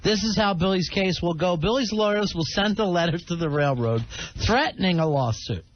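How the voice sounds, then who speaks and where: A man's voice: high voice, moderate pace. A man hosting a radio talk show, teasing a colleague and reading listener messages aloud. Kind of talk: casual radio banter. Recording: dull radio broadcast audio with faint hiss.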